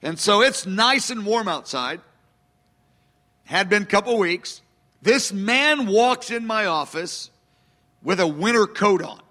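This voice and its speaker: A man's voice: sits high, expressive, slow pace, pauses often, pushed and bright, long reverb tail. A man in his fifties, a pastor telling a personal story in a sermon, self-deprecating with chuckling asides.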